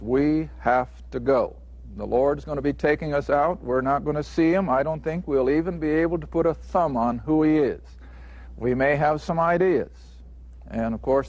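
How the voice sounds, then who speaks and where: A man's voice: a little high, darkish tone, lo-fi sound. A man teaching a Bible lesson in a studio taping, plainspoken, earnest and emphatic.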